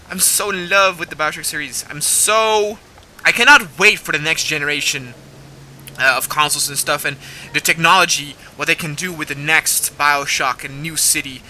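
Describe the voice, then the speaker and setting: A young man rambling excitedly and swearing casually while commenting on a game as he plays. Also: on the high side, normal speed, poor audio. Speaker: gaming video host. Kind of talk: let's play commentary.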